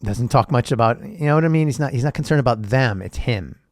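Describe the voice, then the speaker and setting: A man's voice: medium pitch, expressive, quick pace, no room sound, studio quality. A man hosting a podcast, reading old texts aloud and riffing on them in a profane, sarcastic, rambling way. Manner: profane, sarcastic, rambling, laughs at own jokes. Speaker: podcast host.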